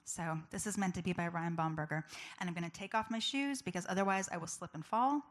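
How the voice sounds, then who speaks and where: A female public speaker talks earnestly and personally to a live audience, conversational and chatty, using lots of fillers. Her voice is on the low side and her pace is quick.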